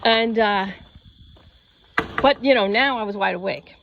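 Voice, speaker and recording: A woman in her fifties tells a meandering personal story at an easy, everyday pitch. She slips into the voices of the people she quotes. The audio is a bit dull and lo-fi, with a faint hiss behind her. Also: measured pace, creaky. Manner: rambling, animated, acts out quoted voices. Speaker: yoga channel host.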